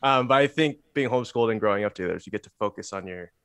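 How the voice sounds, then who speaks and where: A young man from the San Francisco Bay Area, a musician guest in a relaxed interview, who rambles and corrects himself as he talks. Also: on the low side, clean tone, no echo. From San Francisco Bay Area, USA. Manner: rambling, halting, self-correcting. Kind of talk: casual interview chat.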